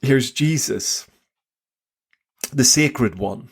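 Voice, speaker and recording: An older man co-hosting a Bible podcast, talking excitedly in halting bursts, repeating words as he goes. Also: medium pitch, creaky, slightly rough. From England. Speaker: podcast co-host. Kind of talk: casual Bible discussion.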